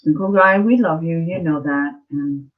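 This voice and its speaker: A woman hosting a live-stream spiritual reading as a psychic, speaking tenderly and emotionally, halting and repeating herself with many fillers. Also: low voice. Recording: slightly muffled lo-fi stream audio.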